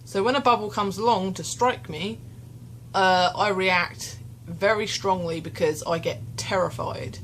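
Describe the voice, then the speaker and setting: A woman's voice: mid-range voice, measured pace, fairly bright tone, slight background noise. A young woman vlogging candidly into her phone, rambling and self-deprecating, tearful and shaken. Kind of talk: candid confessional vlog. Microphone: phone camera.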